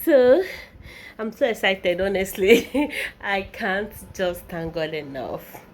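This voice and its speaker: A young Nigerian woman vlogs casually at home indoors, talking to the camera and to her baby son. She's playful and laughs often as she coaxes him. Her medium-pitched voice has lively intonation and a slow pace.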